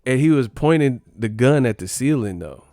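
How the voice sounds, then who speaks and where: A man chatting casually on a livestream, animated and profane, laughing often. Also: medium pitch, moderate pace, no echo, studio quality.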